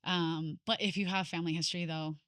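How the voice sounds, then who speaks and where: Casual female podcast host, chatty and loose, slightly low voice, dry close recording. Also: steady tone, fairly quick, fairly bright tone, no echo. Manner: chatty, lots of "like" fillers, trails off mid-thought. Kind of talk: casual conversation.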